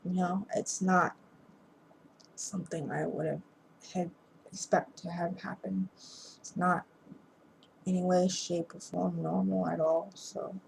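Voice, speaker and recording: A woman with a lowish voice talks through a film's plot in a loose, rambling way, often stopping and restarting mid-sentence. She sounds sleepy, as though she has just been yawning. A faint hiss sits under the home recording. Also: little pitch movement, creaky, low-quality recording. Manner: rambling, halting retelling with many restarts. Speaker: amateur movie reviewer. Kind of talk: casual spoken movie recap.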